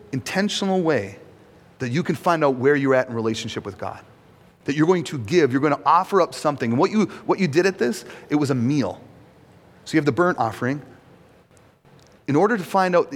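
A man preaching a sermon as a pastor. He talks in a conversational way, asks the audience questions, and acts out quotes. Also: fairly high pitch. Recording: long hall reverb.

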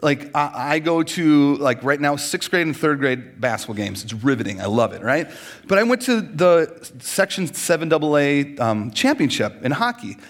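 A man's voice: on the high side, big pitch swings, normal speed. A man in his forties from Minnesota, preaching a humorous sermon, joking and acting out little scenes as he goes.

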